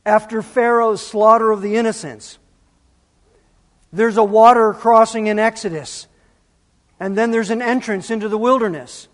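A man's voice: high-pitched, steady tone, moderate pace, pauses often, long reverb tail. A man preaching a sermon as pastor, emphatic and full of rhetorical questions.

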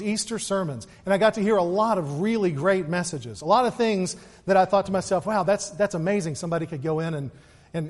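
A man giving an earnest Easter sermon as pastor, repeating words and moving between quick asides and slow, weighty emphasis. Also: high-pitched, darkish tone. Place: church sanctuary. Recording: long reverb of a large hall.

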